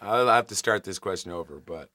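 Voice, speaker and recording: A man's voice: low voice, animated, a little fast. An older man being interviewed as an actor, joking and teasing in playful reunion chat. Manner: playful, teasing, laughs a lot. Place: room on a film set. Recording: loud background noise.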